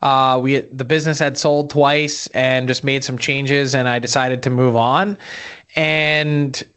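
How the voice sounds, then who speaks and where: A man's voice: medium pitch, level tone, measured pace, fairly bright tone, clear, resonant tone. A man being interviewed as a hockey insider, friendly and polished.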